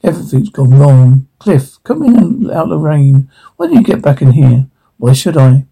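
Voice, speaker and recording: A man speaking TV drama dialogue in a weary, gruff way, with a gravelly, husky voice. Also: mid-range voice, very animated, moderate pace, dark tone, exaggerated voice.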